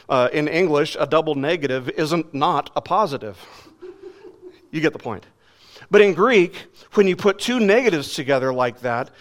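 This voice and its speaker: Earnest, emphatic male preacher. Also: a little high. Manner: earnest, emphatic, repeats phrases for stress. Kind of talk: sermon.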